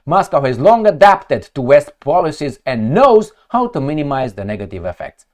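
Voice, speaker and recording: A man's voice: on the high side, big pitch swings, normal speed, darkish tone. A man who reads news headlines aloud and reacts to them with sarcastic, heated mockery. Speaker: political commentator.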